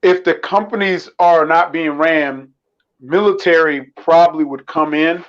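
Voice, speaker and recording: Halting man on a muffled call. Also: a little high, fairly bright tone. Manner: halting, lots of ums and restarts, chuckles. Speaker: caller. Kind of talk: casual chat.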